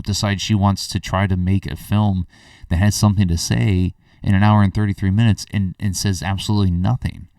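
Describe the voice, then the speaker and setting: Low voiced guy ranting about a movie, blunt and rambly, dry sound, mic a bit far off. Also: a little mellow, no room sound. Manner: blunt, rambling, frequent fillers and restarts. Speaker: film reviewer, podcast host. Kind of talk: casual spoken movie review.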